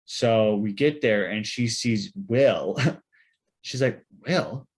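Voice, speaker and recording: A man's voice: lowish voice, slow. A young man, a podcast co-host, telling a rambling weekend story in casual chat with lots of fillers and restarts.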